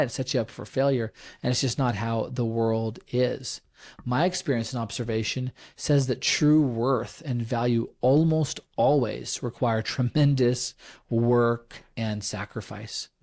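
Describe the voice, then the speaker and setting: An earnest man talks through a reflective solo podcast at an ordinary pitch. He often stops and restarts, then slows right down to lean on the words he wants to stress, like someone counseling a listener. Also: a little mellow. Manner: earnest, halting, with frequent restarts and ums. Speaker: podcast host.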